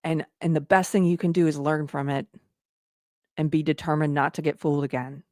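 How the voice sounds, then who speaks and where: A woman's voice: low-pitched, steady tone, brisk, darkish tone, no room sound, clean studio sound. A woman hosting her own show, talking earnestly and directly to her viewers in a commentary style. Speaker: show host.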